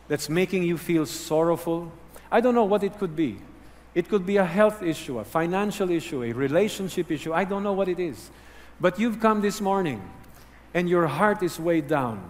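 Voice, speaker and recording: A man preaching a sermon, earnest and teaching, dropping low and quiet to stress key words. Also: normal speed, long reverb tail. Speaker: pastor.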